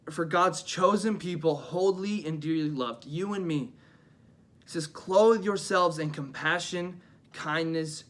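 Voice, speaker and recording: A young man giving an energetic youth devotional as a pastor, emphatic and repeating his phrases. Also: a little high.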